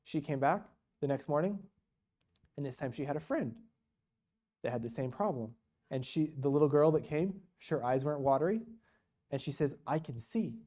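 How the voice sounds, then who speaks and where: A man with a mellow, warm voice tells mission stories at a church gathering. He talks casually and restarts his sentences often. The delivery is relaxed and conversational. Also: on the high side, normal speed. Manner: casual, animated storytelling with many restarts. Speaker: guest speaker on mission work. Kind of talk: storytelling church talk.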